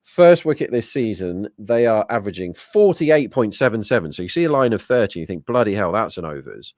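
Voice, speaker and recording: Lowish male co-host, chatty betting tips, dry close sound. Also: big pitch swings, brisk, a little mellow, dry recording. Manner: chatty, talks through betting lines. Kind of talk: live sports watch-along banter.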